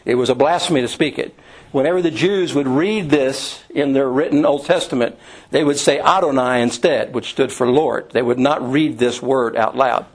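In a rough recording, a middle-aged man with a mid-range voice leads an informal Bible study class at normal speed. He lectures conversationally, with frequent fillers and restarts.

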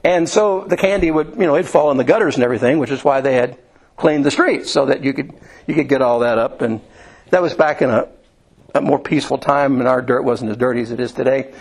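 A man from Indiana preaching a sermon in a folksy, storytelling way, often restarting and filling pauses. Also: medium pitch, rough recording. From Indiana, USA.

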